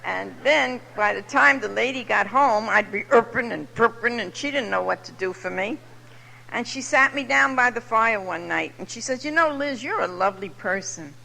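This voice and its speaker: Older New woman, seventies, high bright gravelly voice, lively storyteller, reverberant hall. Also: moderate pace. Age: 70s. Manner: lively storyteller with comic timing. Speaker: recovery meeting speaker. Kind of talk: personal testimony to a live audience. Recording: echoey hall from far off.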